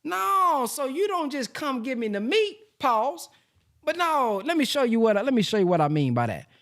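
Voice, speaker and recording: A man presenting a sales lesson from slides in a lively, casual way, with slang, talking straight to his audience. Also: very high-pitched, normal speed. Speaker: presenter teaching a sales system.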